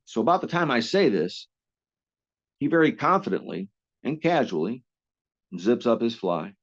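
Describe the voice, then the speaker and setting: A man's voice: mid-range voice, very animated, normal speed, muffled recording. A man telling stories casually as an interview guest, rambling with frequent restarts and coarse language. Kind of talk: casual storytelling.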